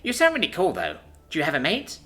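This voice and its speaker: A man voicing an eager young alien woman, bubbly, blunt and excitable, in a raised voice. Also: quick pace. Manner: bubbly, excitable, high-pitched. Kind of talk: audiobook character voice.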